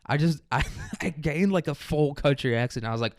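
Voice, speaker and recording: Hosting a podcast, a young man from the Kansas City area of the American Midwest delivers a crude, rambling comedy monologue and laughs often. His voice is a little high and brisk, captured in clean studio sound with no room echo.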